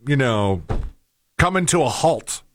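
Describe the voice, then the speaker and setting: A man's voice: medium pitch, sing-song, measured pace, dry recording, clean studio sound. A man co-hosting a casual chat show, speaking hesitantly with many restarts. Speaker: podcast co-host.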